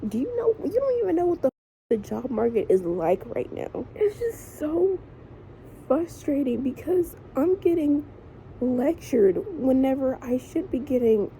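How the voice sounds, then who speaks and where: A woman's voice: sits high, big pitch swings, a little slow, mellow, slight background noise, rough recording. A young woman vlogging in a frustrated, emotional way, swearing often as she vents. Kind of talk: casual venting vlog.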